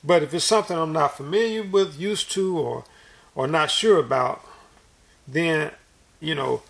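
A man's voice: a little high, unhurried, creaky, fairly bright tone. A man preaching a sermon in an earnest, folksy, repetitive way, restarting his phrases often.

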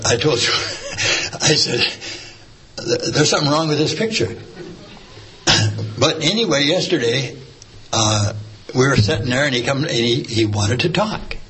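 A man tells a story in a loose, rambling way, filling gaps with "uh" and restarting his sentences. His voice sits in an ordinary middle pitch. A faint hiss runs under the recording. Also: a bit bright, poor audio. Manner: rambling, full of fillers and restarts. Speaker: church member sharing a testimony. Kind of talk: casual storytelling.

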